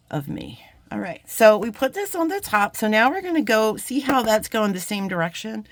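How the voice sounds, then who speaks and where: While demonstrating a jewelry craft, a woman YouTuber chats casually, rambling and getting sidetracked in a friendly way. Her voice is medium-pitched, and the recording is dry.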